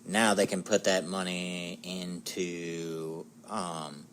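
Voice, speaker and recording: Man, co-host, very deep voice, measured and hedging, faint noise. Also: little pitch movement, a bit bright. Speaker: podcast co-host. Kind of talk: casual chat.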